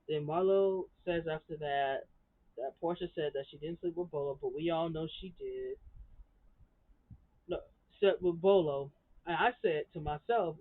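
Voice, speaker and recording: A woman's voice: sits low, unhurried. A woman reviewing a reality TV episode in a heated, blunt rant full of profanity. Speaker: reality TV recap vlogger. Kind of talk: casual ranting commentary. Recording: tinny phone-like recording.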